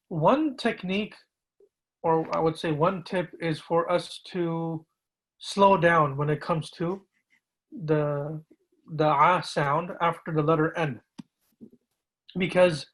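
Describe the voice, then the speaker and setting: A man, an imam, patiently teaching pronunciation and repeating words slowly to gently correct students. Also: on the high side, rough recording.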